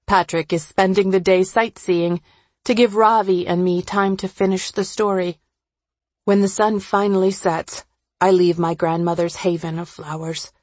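A woman reading a first-person audiobook in a measured, reflective, gentle way. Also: on the low side, no room sound. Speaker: audiobook narrator.

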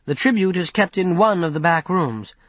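A man's voice: sits high, lively intonation, moderate pace, a bit bright, no echo. A bold young male rebel leader in an audiobook lays out his plan in an urgent, persuasive voice, as a man puts him on. The sound is dry and close, with no room around it.

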